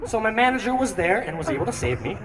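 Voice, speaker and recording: A young man performing a stand-up comedy routine with animated, theatrical storytelling on a theatre stage. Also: high-pitched, fast talker, over a noisy crowd. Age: young adult. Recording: echoey hall, distant mic, noisy.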